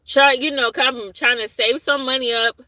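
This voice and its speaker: A woman's voice: high-pitched, steady tone, normal speed, bright, forceful tone, no room sound, rough recording. A woman chatting casually on a livestream, rambling and losing her thread as she answers viewers' comments. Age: adult with a young son. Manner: reads and answers chat comments aloud. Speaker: livestream host.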